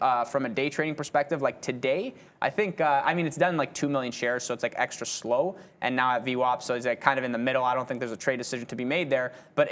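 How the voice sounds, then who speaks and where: A man's voice: mid-range voice, a bit bright. A man co-hosting a live day-trading show, giving casual market analysis full of fillers such as "like" and "you know". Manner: rapid, filler-heavy, keeps saying "like". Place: trading-floor TV studio.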